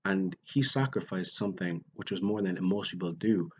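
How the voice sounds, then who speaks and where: Earnest deep-voiced young man vlogging. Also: moderate pace, slight background noise. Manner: earnest, rambling with many restarts. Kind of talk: casual faith talk to camera.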